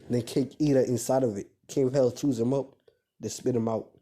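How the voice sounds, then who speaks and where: A man improvising a fan-fiction story out loud, rambling and correcting himself, in slangy casual speech. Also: medium pitch, fairly even intonation, brisk.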